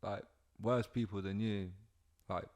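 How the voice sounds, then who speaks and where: A man's voice: lowish voice, fairly even intonation, unhurried. Young man telling work stories. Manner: swearing, storytelling with acted-out quotes. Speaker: podcast host. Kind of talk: casual chat.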